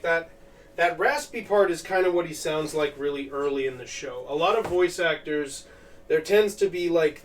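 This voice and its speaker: A man streaming as he crafts, thinking aloud in a casual, rambling way with lots of filler words. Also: a little high. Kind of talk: casual live-stream chat while crafting. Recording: distant mic with faint background noise.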